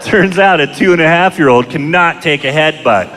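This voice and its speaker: A middle-aged man doing a stand-up comedy set, telling crude, self-mocking stories in a deadpan way, recorded live in a comedy club. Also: a little high, normal speed. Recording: live club show, long hall reverb, audience noise. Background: audience laughter.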